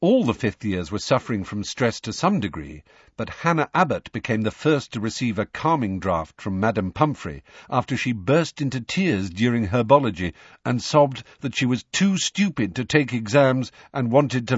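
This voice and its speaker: A man reading an audiobook as narrator in an animated storytelling manner. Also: lowish voice, slightly rough, no echo. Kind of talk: scripted narration. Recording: dull lo-fi dry recording.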